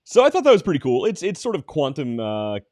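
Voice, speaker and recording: Quick-talking podcast dude cracking deadpan jokes, bouncy voice, dry close sound. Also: male voice, on the high side, no room sound. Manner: joking, deadpan delivery of mock-bad news. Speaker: podcast co-host. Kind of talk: casual banter.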